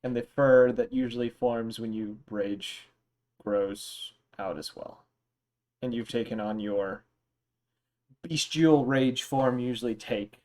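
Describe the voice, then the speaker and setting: Relaxed young man narrating as game master. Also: mid-range voice, slow. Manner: relaxed, meandering narration with fillers. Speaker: dungeon master.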